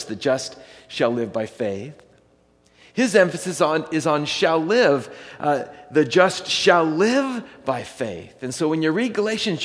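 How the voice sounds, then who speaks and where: A man preaching a sermon as pastor, talking conversationally and reading scripture slowly and deliberately. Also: a little high, long reverb tail.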